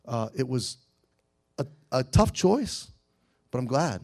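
A middle-aged man preaching a sermon to teenagers, earnest, swinging between loud exhortation and hushed storytelling. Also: medium pitch, sing-song, slow pace. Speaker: youth pastor.

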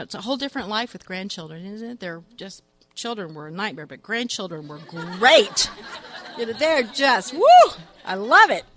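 A grandmother in her fifties giving a lively, chatty sermon with humorous stories, often breaking into laughter. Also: medium pitch. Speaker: church speaker.

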